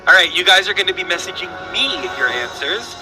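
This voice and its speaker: A man's voice: high-pitched, expressive, fairly quick, music in the background, low-quality recording. A man hosting a casual trivia quiz stream, chatty and rambling, often restarting his sentences. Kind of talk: casual livestream chat.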